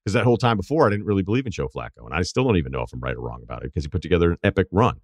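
A man's voice: sits low, sing-song, racing, no room sound. A middle-aged man hosting a sports show, talking through a casual, reflective monologue and acting out quoted people along the way. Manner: reflective, conversational, acts out quotes. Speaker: sports radio and podcast host.

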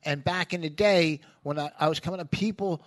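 Man, comedian guest, emphatic ranting, casual podcast chat, slightly high voice. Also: brisk. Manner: emphatic, rants with repeated "listen".

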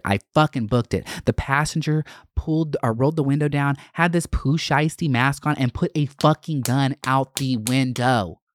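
A man hosting his own podcast, telling a story in a loud, dramatic, profane way that jumps up in pitch for emphasis. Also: no room sound, studio quality. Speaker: podcast host. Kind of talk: casual solo monologue.

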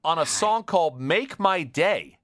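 A male podcast host with a slightly high, animated voice works through listener questions in casual chat. He reads briskly and chuckles between items, and the sound is dry and close. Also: dry recording.

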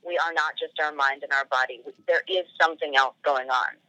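A woman's voice: low voice, fairly even intonation, a little fast, pushed and bright, no room sound, poor audio. A woman guest on a podcast telling a personal story casually, full of "like" fillers and acted-out quoted dialogue.

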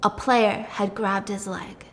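A woman chatting casually as she retells a story, animated and chatty, often saying "like". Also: mid-range voice, slow, in a large hall. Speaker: podcast co-host recapping a show. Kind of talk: casual chat, retelling a plot.

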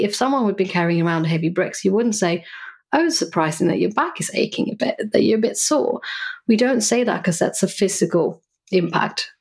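A woman, a psychologist and coach, speaking thoughtfully as a podcast guest and explaining ideas through examples. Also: mid-range voice. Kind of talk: reflective podcast interview.

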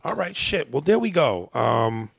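A male podcast host with a gravelly edge to his voice, riffing loosely and cursing freely. The sound is close and dry, with no room around it. He is chatty and jokey, reading listener emails and teasing his co-host. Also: a little high, big pitch swings, measured pace, fairly bright tone, no echo. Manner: loose, profane, jokey banter. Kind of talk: casual podcast chat.

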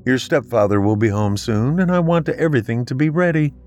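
A man's voice: mid-range voice, fairly quick, a little mellow, faint music behind, pitched above the performer's own voice, close to an everyday voice. A man voicing a cold, menacing middle-aged mother who speaks in a sing-song voice with icy sweetness.

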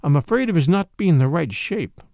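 A man's voice: on the high side, animated, moderate pace, creaky, mellow, dry recording, studio quality. A man doing a big, brooding ex-thief detective. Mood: grim dread. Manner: brooding, bursts into fury. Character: big, tormented former-thief detective, grim.

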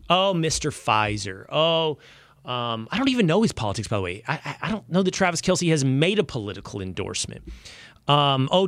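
A man's voice: mid-range voice, fairly bright tone, no room sound, clean studio sound. A man hosting a show, giving emphatic, conversational sports opinion commentary. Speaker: show host.

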